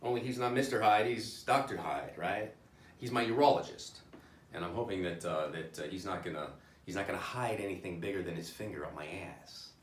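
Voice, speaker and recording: A man doing a stand-up comedy set, self-deprecating and halting, with many restarts. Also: deep voice, roomy sound, recorded from a distance, a little hiss or hum.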